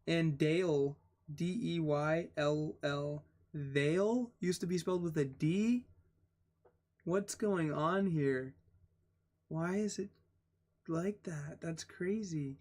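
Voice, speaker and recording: Slow-reading young man spelling words aloud. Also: a little high. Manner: slow, spells out words letter by letter, excitable asides. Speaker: channel host reading a textbook aloud. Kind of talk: casual read-aloud with commentary.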